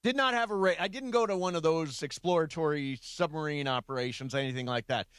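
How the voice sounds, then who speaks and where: A man co-hosts a sports talk radio show in a dry, close studio sound. His voice sits fairly high, and he teases his partners and spins stories in a loose, playful way. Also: quick pace, fairly bright tone, clear, resonant tone, no echo. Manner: playful, teasing storyteller. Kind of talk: casual studio chat. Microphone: studio mic.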